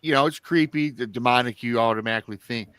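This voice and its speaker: A man's voice: mid-range voice, quick pace, fairly bright tone, smooth, dry recording. A man hosting a casual podcast chat, stretching out emphatic words as he responds to a guest. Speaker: podcast host.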